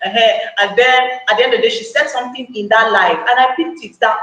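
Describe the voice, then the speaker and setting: A woman speaking excitedly on a live call, sharing a testimonial, repeating her points for emphasis and laughing often. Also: on the high side, quick pace, hardly any pauses. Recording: echoey room with faint background noise.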